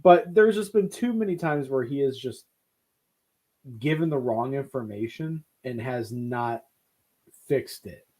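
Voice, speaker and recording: A man's voice: mid-range voice, measured pace, pauses often. A man co-hosting a casual film chat, joking and swearing freely. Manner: animated, profane, joking. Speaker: podcast co-host.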